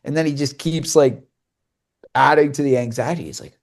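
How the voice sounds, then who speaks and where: A young man with a mid-range voice, who co-hosts a podcast and works as a hockey broadcaster, tells a casual story at normal speed. He rambles, restarts often, uses lots of fillers, and acts out the dialogue.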